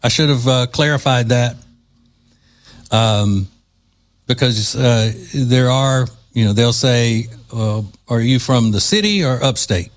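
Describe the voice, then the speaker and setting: A man's voice: medium pitch, slow. Male talk radio host. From Louisiana. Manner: joking, wry, sarcastic asides. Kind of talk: casual talk radio monologue.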